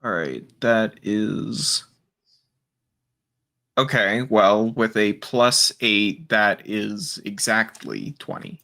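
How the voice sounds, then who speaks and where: A man's voice: on the low side, extremely slow, gravelly, pushed and bright. A man playing a rogue in a tabletop game, casual and hesitant, with many fillers. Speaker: player. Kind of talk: tabletop role-play chat.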